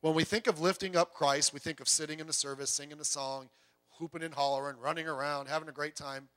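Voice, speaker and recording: Brief: male pastor with a high, bright voice, preaching conversationally, with rhetorical questions and joking asides. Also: fairly even intonation, fast talker. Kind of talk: sermon.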